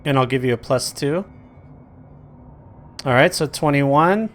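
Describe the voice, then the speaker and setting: A man narrating a tabletop game as game master, casual and profane, dropping into quick quotes of the characters. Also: mid-range voice, soft background music.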